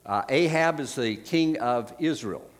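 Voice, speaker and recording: Male preacher, sermon, casual storytelling, fillers and self-corrections, mid-pitched voice. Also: expressive, measured pace, long reverb tail. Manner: conversational storytelling, retelling scripture in casual paraphrase; frequent fillers and self-corrections while finding verses.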